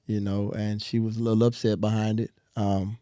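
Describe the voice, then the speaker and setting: Young guy, low mellow voice, earnest storytelling, lots of ums, dry close sound. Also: level tone, moderate pace, no echo. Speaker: guest. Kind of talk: casual interview talk.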